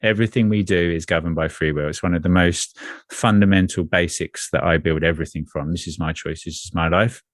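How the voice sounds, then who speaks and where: Male energy coach, deep voice, dry recording, earnest and measured. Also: steady tone, no echo. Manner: earnest, measured, repeats phrases. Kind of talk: spiritual conversation.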